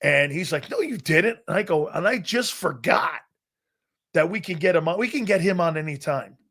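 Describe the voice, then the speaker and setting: A man in his fifties, a former football player hosting a live sports talk show, telling stories in a profane, animated, laughing way. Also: on the high side, moderate pace, vocal fry. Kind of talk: casual live-stream storytelling.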